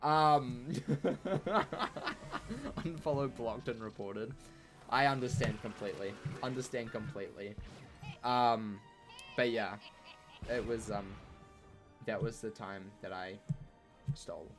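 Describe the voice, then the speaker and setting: With soft music in the background, a man of medium pitch talks slowly, leaving long pauses. He's streaming a game and casually chatting with viewers, playful and jokey, wandering off topic with lots of fillers.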